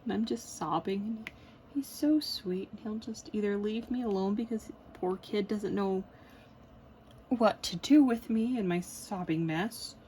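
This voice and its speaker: A woman's voice: mid-range voice, a little slow, mellow, slight background noise, low-quality recording. A woman in a casual, rambling chat while she works on a diamond painting at home, with lots of fillers and small laughs. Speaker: crafting vlogger.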